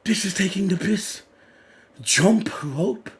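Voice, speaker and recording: High, gravelly, excitable male reactor. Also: slow pace. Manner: swings between loud excited shouting and low muttered reading-along. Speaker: manga reaction streamer. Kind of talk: live reaction commentary.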